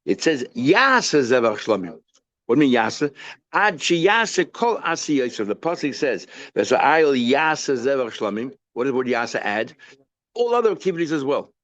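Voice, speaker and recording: A rabbi teaching a daily Talmud page in a casual lecture, asking questions and answering them himself, mixing English with Hebrew and Yiddish terms. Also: male voice, medium pitch, big pitch swings, normal speed, no echo, highs cut off.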